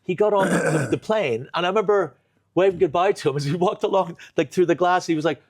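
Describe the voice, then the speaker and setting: A man telling a long comic story in a kitchen chat, animated, full of restarts and bursts of laughter. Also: sits high, a little fast. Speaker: comedian guest.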